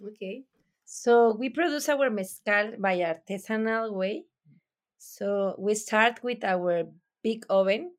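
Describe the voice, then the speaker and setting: A woman with a Mexican accent, a native Spanish speaker, explaining her production in halting English with many restarts as she searches for words. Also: fairly low pitch, a little mellow. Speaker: mezcal producer. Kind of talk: interview answers.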